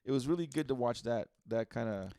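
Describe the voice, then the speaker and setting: A man's voice: medium pitch, a little fast, mellow, no room sound, clean studio sound. A man co-hosting a podcast in loose casual chat, rambling with many restarts and swearing freely. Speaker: podcast co-host.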